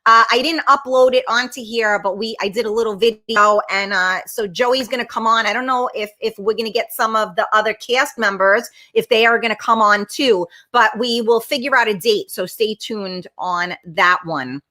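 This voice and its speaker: A woman's voice: a little high, moderate pace, hardly any pauses, sharp tone. A middle-aged woman hosting a casual live-stream chat, blunt and brash, swearing freely as she reads viewer comments. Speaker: talk show host.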